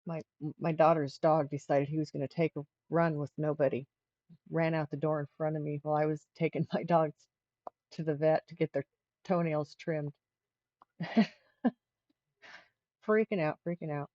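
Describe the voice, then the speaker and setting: A woman's voice: low voice, flat delivery, normal speed, mellow, no echo, dull audio. A middle-aged woman hosting a livestream, telling a rambling story in casual chat with frequent restarts. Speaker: livestream host.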